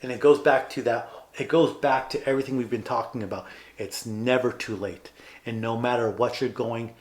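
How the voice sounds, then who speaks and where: A man's voice: mid-range voice, steady tone, moderate pace. A man co-hosting a podcast in casual chat, earnestly retelling film scenes and acting out the characters' lines. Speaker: podcast co-host.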